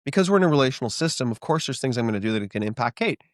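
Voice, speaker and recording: Fast-talking man coaching couples. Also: mid-range voice, expressive, no room sound, clean studio sound. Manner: explains with frequent "right?" check-ins. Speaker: podcast co-host, marriage coach. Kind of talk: instructive casual podcast talk.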